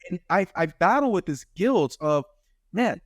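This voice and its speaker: Male podcast host, 30s, earnest and preachy, lively pitch, dry close sound. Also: unhurried, no echo. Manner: earnest, preachy, lots of "right?" tags. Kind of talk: casual interview chat.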